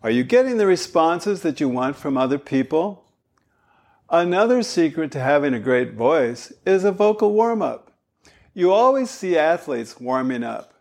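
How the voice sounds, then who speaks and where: A man giving a spoken lesson as a voice coach, animated and demonstrative. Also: on the high side, moderate pace. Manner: animated, demonstrating vocal styles.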